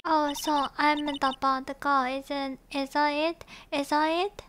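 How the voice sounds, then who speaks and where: A woman's voice: high voice, level tone, slow, noisy background. A woman voicing a haughty, petulant young woman witness in a game, with a huffy, indignant delivery. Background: background music.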